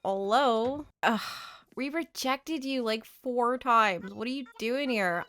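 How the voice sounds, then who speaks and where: A woman's voice: fairly high pitch, slow, hardly any pauses, a bit bright, clear, resonant tone. A young woman giving playful, chatty, self-mocking commentary while playing a life-sim game. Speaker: gaming creator. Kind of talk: casual gameplay commentary.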